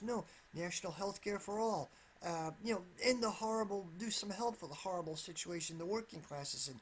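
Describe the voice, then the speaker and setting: A man's voice: sits high, brisk, few pauses, a little hiss or hum. Rambling man repeating himself, hedging. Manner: rambling, with frequent restarts and repeated "absolutely"; careful, hedging tone. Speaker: political commentator. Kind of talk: solo political commentary.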